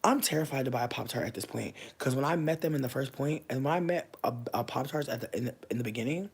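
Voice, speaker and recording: A man in his thirties chatting casually on a livestream, slangy and profane, swinging from loud bursts to low murmurs. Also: fast talker, creaky, husky.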